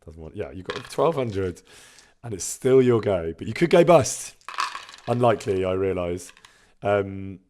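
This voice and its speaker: A man's voice: fairly low pitch, animated, unhurried, a little mellow, a little hiss or hum. Chatty man streaming. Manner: chatty, laughs often, reads out chat messages. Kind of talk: casual live-stream chat.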